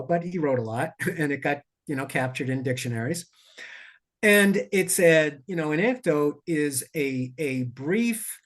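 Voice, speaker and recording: Man telling a rambling story. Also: fairly high pitch. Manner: lively, digressive, with asides and self-corrections. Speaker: podcast guest, safety expert. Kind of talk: conversational storytelling.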